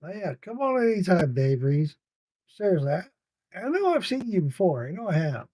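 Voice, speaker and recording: Sleepy guy rambling to his chat, kinda high voice, dark mellow tone, dry close sound. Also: sing-song, normal speed, no room sound. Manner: rambling, swearing, laughing with viewers. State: tired, yawning. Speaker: podcast host reading live chat. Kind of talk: casual livestream chat.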